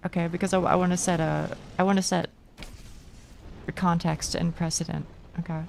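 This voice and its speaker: Gravelly-voiced woman streamer chatting. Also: on the low side, level tone, normal speed, darkish tone, slight background noise. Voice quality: gravelly, gruff voice. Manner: rambling, self-interrupting, laughs often. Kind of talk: casual chat while gaming.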